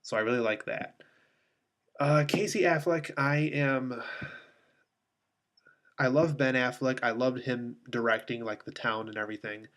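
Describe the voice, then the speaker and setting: A man's voice: mid-range voice, steady tone, measured pace, long pauses, a bit bright. Guy reviewing a movie, mid-range voice, kinda rambly, lots of ums. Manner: rambling, many filler ums and restarts. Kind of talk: casual spoken review.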